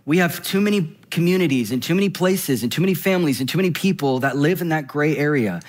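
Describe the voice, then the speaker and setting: A man preaching a sermon in a conversational, animated way, slowing down to read scripture and speeding up for quick asides. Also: fairly high pitch. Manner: animated, swings between slow scripture reading and quick asides; conversational, frequent "right?" and "like".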